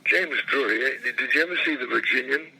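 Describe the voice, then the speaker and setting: Gravelly older man telling career stories. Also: mid-range voice, brisk, sharp tone, rough recording. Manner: rambling storyteller, repeats phrases, clears throat. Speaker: actor recalling his career. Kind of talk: interview anecdotes.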